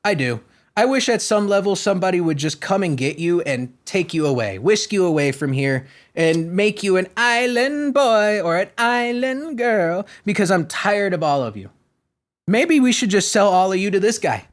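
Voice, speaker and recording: Ranting for laughs on his podcast, this Florida man sounds high-pitched and expressive at a normal pace. His comedic style is sarcastic, profane, and full of rambling tangents.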